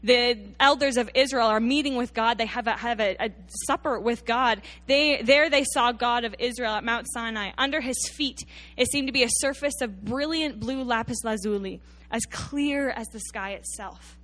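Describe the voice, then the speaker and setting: A woman preaches to her congregation, her voice sitting a little higher than most. She retells scripture in an emphatic storytelling way, sometimes sinking into quiet, intense delivery. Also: moderate pace, hardly any pauses. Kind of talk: sermon.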